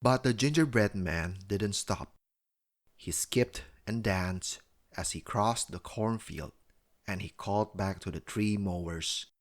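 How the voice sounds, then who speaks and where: A man reading a children's bedtime story aloud, with expressive storybook narration. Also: on the low side, slow pace.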